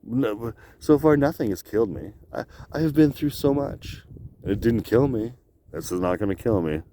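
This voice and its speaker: A man's voice: mid-range voice, lively intonation, moderate pace, warm tone, slight background noise. A man talking to camera outdoors in a loose, drifting monologue, swearing often and laughing between thoughts. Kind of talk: rambling solo vlog monologue. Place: outdoors on icy cliff edge.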